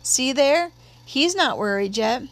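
A woman's voice: lively intonation, slow pace. A woman reading an audiobook, voicing a worried young boy who looks after his little sister, in an urgent, anxious, raised voice. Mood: reassuring. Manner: urgent, anxious, high-pitched. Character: worried young boy, protective older brother.

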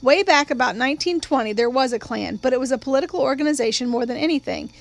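A woman reading the part of a calm, patient small-town lawyer father, speaking quietly and evenly. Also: sits high, fast talker, gravelly. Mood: measured.

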